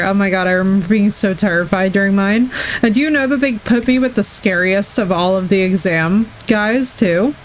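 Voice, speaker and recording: A young adult woman streamer in casual live-stream chat, gushing and excitable as she talks to her chat. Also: medium pitch, brisk, a little hiss or hum, rough recording.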